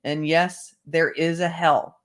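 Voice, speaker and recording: A book club host reading a memoir aloud at a measured pace, with brief asides to listeners. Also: medium pitch, little pitch movement, fairly bright tone. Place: home setup, online stream.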